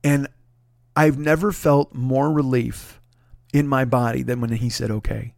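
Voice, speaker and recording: A man telling a comic story casually, profane and animated, dropping low to retell a moment then rising in exasperation. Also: a little slow, vocal fry, no echo, clean studio sound. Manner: profane, animated, swings between hushed retelling and loud exasperation. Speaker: comedian storyteller.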